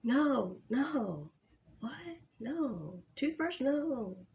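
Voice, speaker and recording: A woman putting on the voice of a flustered, defensive man who acts confused and denies everything in a hushed tone. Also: high voice, very animated, very slow, a little hiss or hum, pitched above the performer's own voice, full character voice. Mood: incredulous.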